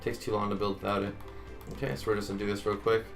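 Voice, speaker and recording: A man's voice: lowish voice, flat delivery, racing, vocal fry, soft background music. A man hosting a casual game-building tutorial, talking chattily to viewers and counting blocks aloud. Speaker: Minecraft tutorial host.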